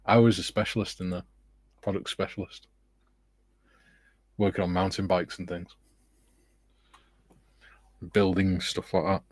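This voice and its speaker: A man's voice: sits low, little pitch movement, unhurried, pauses often, a little mellow, no echo. A middle-aged man co-hosting a casual livestream, reading viewer comments and telling chatty anecdotes with a laugh. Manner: chatty storyteller, laughs at his own anecdotes. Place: home hobby room.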